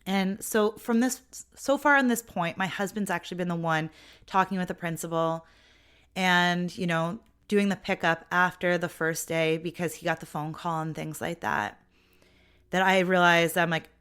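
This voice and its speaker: A middle-aged woman talks through her own podcast episode in a loose, chatty way, leaning on "like" as she goes. Her voice sits a little low for a woman, and she sounds expressive and personal, as if telling a friend about her week. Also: moderate pace, clear, resonant tone. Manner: chatty and expressive, with frequent "like" and an occasional laugh. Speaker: podcast host and mother. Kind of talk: casual personal monologue.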